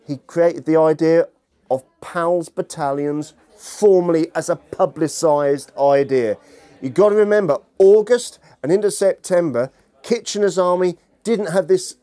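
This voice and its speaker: A man's voice: on the high side, dark tone. A man lecturing as a historian to an audience, humorous and chatty, bantering with the room. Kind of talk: lecture with jokey asides.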